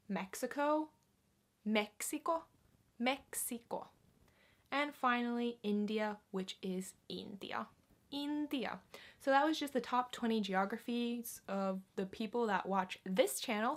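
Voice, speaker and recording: Woman, twenties, fairly high voice, casual lesson host, slow careful repetition of words. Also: fairly bright tone. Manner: repeats each word slowly and clearly for learners. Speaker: language teacher and channel host.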